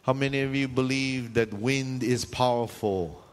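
A man preaching a sermon, telling lively stories and calling for amens. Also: medium pitch, measured pace. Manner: lively storytelling with call-and-response. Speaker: pastor. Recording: reverberant hall sound.

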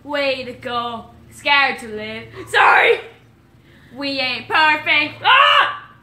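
A vlogger in a casual party game, loudly guessing and half singing lines. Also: high-pitched, slow pace, echoey room. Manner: loud, playful guesses and half-sung lines.

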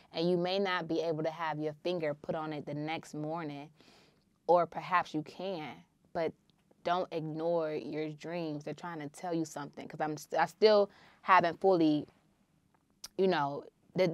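Woman podcast host, low voice, dry close sound, earnest personal storytelling. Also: steady tone, moderate pace, no room sound. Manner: earnest, intense storytelling with sudden loud swells.

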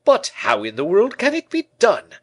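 A man reading an audiobook, voicing a hulking, boastful and vain baron with loud, indignant outbursts. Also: high voice, huge pitch swings, normal speed, voice pushed up, exaggerated voice. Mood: excited.

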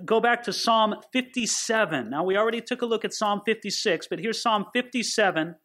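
A man's voice: high-pitched, lively intonation, fairly quick, sharp tone. A man giving a sermon-style Bible teaching, earnest and putting questions straight to his listeners.

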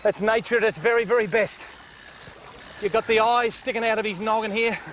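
A man's voice: sits high, fairly even intonation, brisk, slight background noise, rough recording. An Australian man hosting a fishing show from a boat, exclaiming and laughing as he commentates. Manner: exclaiming, laughing, calls his mate an idiot. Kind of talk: excited on-camera fishing commentary. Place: outdoors on a boat at sea. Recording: old TV footage with loud music. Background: loud music, boat.

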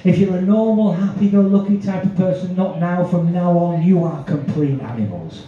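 Profane stage hypnotist, echoey and distant. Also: male voice, high-pitched. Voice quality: profane, teasing banter. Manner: drawn-out soothing commands between brash jokes. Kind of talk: live stage hypnosis show patter. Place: live show venue. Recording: dull, echoey live recording from afar.

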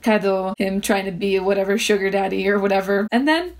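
Earnest woman with a gravelly voice. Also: medium pitch, a little hiss or hum. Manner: earnest, halting, emphatic. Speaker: vlogger. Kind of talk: personal story to camera.

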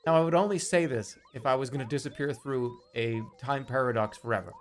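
A man's voice: mid-range voice, brisk, a little hiss or hum. A man streaming a video game and giving casual commentary, rambling and joking with a lot of swearing. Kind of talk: casual let's-play commentary.

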